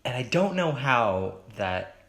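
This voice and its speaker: A young man hosting a solo podcast, rambling and hesitant with many fillers and restarts, in a fairly monotone baritone. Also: slow pace, echoey room. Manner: self-conscious, chatty. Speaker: podcast host. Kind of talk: solo casual podcast monologue.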